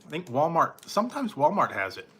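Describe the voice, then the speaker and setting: A man's voice: a little high, huge pitch swings, fairly quick, pushed and bright, husky. A man talking casually as a food reviewer, rambling and trailing off with frequent chuckles. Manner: rambling, laughs often, trails off. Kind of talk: casual late-night chat.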